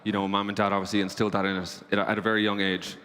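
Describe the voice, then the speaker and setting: A man's voice: lowish voice, monotone, rapid-fire, a bit bright. A young man chatting on stage as a guest Irish dancer, eager and laughing as he counts out dance steps. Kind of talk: casual onstage chat. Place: large convention hall stage. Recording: long hall reverb.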